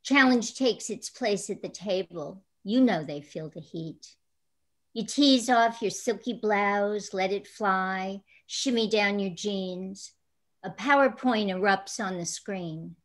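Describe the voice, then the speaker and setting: A woman reading her own poem aloud in a measured, deliberate way. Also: medium pitch. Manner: slow, measured, deliberate delivery. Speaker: poet. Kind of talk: poetry reading.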